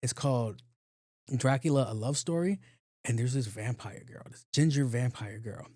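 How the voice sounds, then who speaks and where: A man hosting his own podcast, telling a story alone in a lively way and acting out the people in it. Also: medium pitch, normal speed, no echo, clean studio sound. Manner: animated storytelling, acts out quoted voices. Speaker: podcast host. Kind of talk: casual solo podcast monologue. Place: home studio, on camera.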